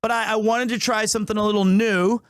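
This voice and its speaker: A man streaming live, chatting casually with his viewers and telling animated stories peppered with Japanese phrases. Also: high-pitched, quick pace, clear, resonant tone, no echo, clean studio sound.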